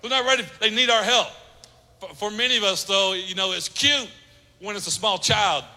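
A man's voice: high voice, normal speed, pushed and bright. A man preaching a sermon as pastor, emphatic, repeating phrases and acting out little quotes. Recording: long hall reverb.

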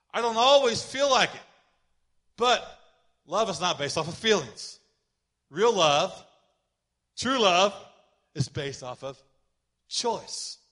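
A man preaching with a high, bright voice that swells as he drives his points home. He calls on the congregation to repeat lines back and draws out key words for emphasis. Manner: slows down to stress key words. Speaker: pastor. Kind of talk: sermon.

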